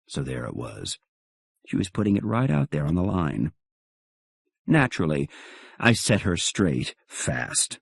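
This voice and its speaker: A man's voice: extremely low pitch, very animated, a little slow, creaky, pauses often, breathy edge, dry recording, studio quality. A man narrating an audiobook in the first person, in a wry, conversational way.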